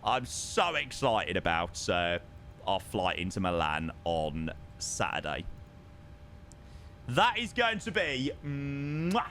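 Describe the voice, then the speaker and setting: A young man chatting casually on a live stream while flying a sim, excitable and self-mocking. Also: deep voice, takes it slowly, long pauses, a little hiss or hum.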